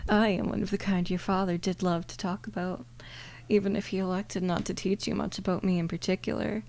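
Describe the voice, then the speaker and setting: A woman softly voicing a suave male crow demon with formal, old-fashioned manners, in a whispered role-play. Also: medium pitch, steady tone, a little fast, vocal fry, close to an everyday voice, rough recording. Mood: silky.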